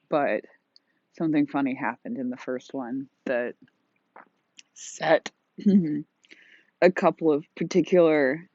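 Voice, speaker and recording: American woman just rolled outta bed, husky breathy voice, rambly ASMR smoking chat, dry dull lo-fi sound. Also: deep voice, a little mellow, no room sound. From United States. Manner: rambling and self-mocking, drawn-out words, exhales between phrases. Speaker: ASMR smoking channel host. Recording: dry, slightly dull lo-fi recording.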